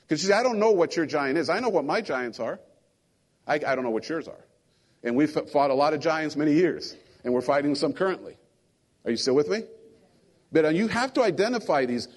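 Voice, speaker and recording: Animated high-voiced man preaching. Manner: animated storytelling, acting out quotes, asking the congregation. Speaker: pastor. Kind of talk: sermon.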